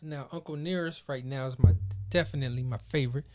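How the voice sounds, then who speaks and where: A man hosting his own podcast solo, chatting casually in animated, slangy riffs. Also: mid-range voice, fast talker, soft background music. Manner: animated, slangy, playful riffing. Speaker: podcast host.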